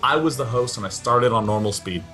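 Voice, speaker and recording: A man's voice: medium pitch, pushed and bright, faint music behind. Eager, joking esports co-caster, a man. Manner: eager, joking, quick to laugh. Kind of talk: live game commentary.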